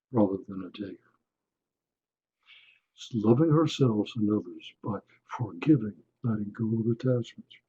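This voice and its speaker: A man giving a webinar lecture, unhurried, often checking in with his listeners. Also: mid-range voice, mellow, slightly rough, lo-fi sound. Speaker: webinar presenter on attitudinal healing.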